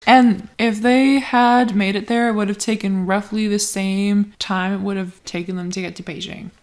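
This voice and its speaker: A woman's voice: mid-range voice, fairly even intonation, normal speed. A woman co-hosting a podcast in casual chat, laying out explanations carefully with hedges. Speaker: podcast co-host.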